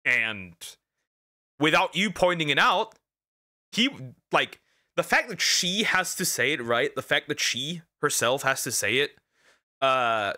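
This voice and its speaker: A man casually reacting to a video, animated and crude, laughing often and tripping over repeated words. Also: fairly high pitch, slow, long pauses.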